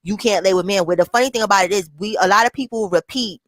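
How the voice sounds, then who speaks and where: A woman's voice: medium pitch, fast, no room sound. Dry-sounding woman in slangy casual chat. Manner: slangy, keeps asking "you understand?".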